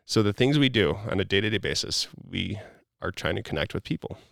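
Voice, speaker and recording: A man's voice: on the low side, lively intonation, a little fast, creaky, a bit bright, no echo, studio quality. A middle-aged man, a podcast guest, talking in an earnest, preachy, motivational way with many casual "like" fillers.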